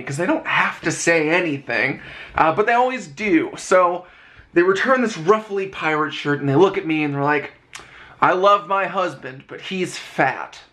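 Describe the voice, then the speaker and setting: A man with a hoarse, worn-out voice, telling stories in a casual vlog and laughing often. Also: on the high side, sharp tone. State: hoarse, lost voice. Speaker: vlogger.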